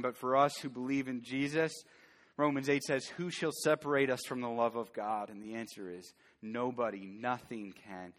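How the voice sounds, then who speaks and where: A man's voice: medium pitch, fairly bright tone. Earnest male pastor in a reverberant hall. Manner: earnest, rising to fervent emphasis. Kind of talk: sermon. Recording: long church hall reverb.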